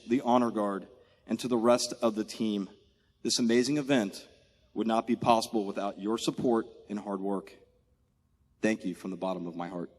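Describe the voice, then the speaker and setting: An outgoing military commander, a man in his forties from Maryland, USA, delivers a heartfelt goodbye, naming and thanking people one by one while keeping his tears in check. His voice is medium-pitched. The setting is a ceremony in a large aircraft hangar, with that space's long echo on the recording.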